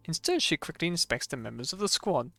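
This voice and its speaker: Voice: medium pitch, big pitch swings, fairly quick, creaky, bright, forceful tone, faint music behind. A streamer reading a game story aloud, stumbling over hard words and adding chatty asides.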